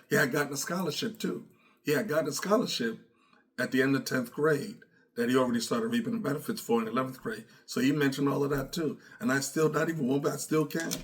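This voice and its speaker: A middle-aged man hosting a podcast, speaking earnestly and reflectively, often repeating phrases and acting out remembered conversations. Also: medium pitch. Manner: earnest, repeats phrases, acts out quoted dialogue. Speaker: podcast host. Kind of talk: reflective personal talk.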